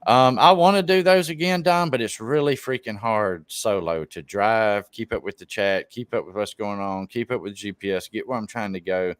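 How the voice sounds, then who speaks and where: A man hosts a casual live stream and spins laid-back stories. His voice sits low and smooth, and he swears freely. The sound is close and dry. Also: normal speed, few pauses, no echo. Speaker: live stream show host.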